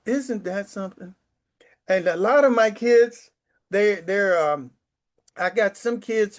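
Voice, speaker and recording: A man in his sixties, a retired sixth grade teacher, telling stories from home in a rambling, emotional way with stammers and restarts. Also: high-pitched. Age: 60s. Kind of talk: casual storytelling to camera. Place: his apartment.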